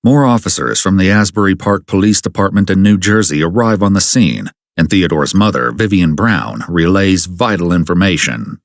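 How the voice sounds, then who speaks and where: A man giving scripted true-crime narration in a measured, grave, dramatic delivery. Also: deep voice, animated, no room sound, studio quality.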